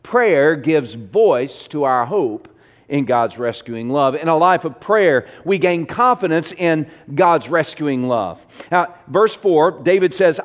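A middle-aged pastor delivers a sermon, shifting from quiet, low passages to loud, emphatic ones. He often repeats words as he builds.

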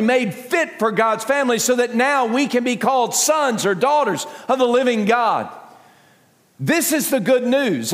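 Lively, high-voiced preacher in a reverberant hall. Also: male voice. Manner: animated, acts out the crowd's scoffing voices; frequent fillers and restarts, self-deprecating asides. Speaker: pastor. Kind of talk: sermon. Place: church sanctuary.

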